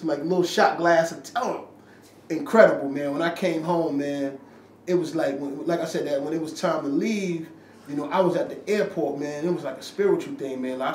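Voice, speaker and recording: A man's fairly high, darkish voice carries a slang-heavy story, complete with acted-out quotes and swearing. He's a rapper talking after an interview, caught on a handheld camera in a room. The recording sounds echoey and far off, with faint ambient noise.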